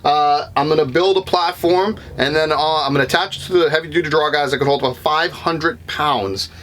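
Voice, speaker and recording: On the high side and a little fast, a young Boston-accented man's fairly bright voice carries his van life vlog. Walking through the inside of his van, he rambles casually, often saying um and correcting himself.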